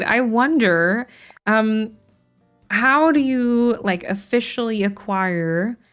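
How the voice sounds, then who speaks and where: Woman streamer, mid pitch, casual think-aloud game chatter, faint background music. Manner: chatty, thinks aloud with frequent restarts and light laughs. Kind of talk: casual live-stream chat while playing a game.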